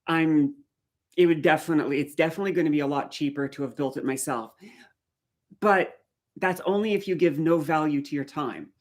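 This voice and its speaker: A low, slightly quick voice belongs to a middle-aged woman from the Canadian Maritimes with a faint Maritime accent. She chats casually during a live stream, taking viewer comments as they come.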